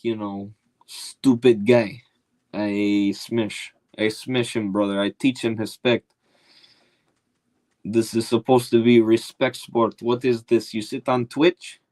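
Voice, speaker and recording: A man's voice: mid-range voice, darkish tone, dry recording, natural voice. A man putting on the voice of a menacing male cage fighter who issues blunt threats in clipped broken English.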